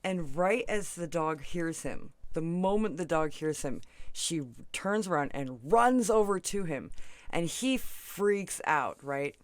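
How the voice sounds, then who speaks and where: Crafting tutorial host, animated pitch, mid-range voice, rambling storyteller, frequent laughs. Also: slow, no room sound. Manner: rambling, tangents, frequent "right?" and "you know"; laughs often between sentences.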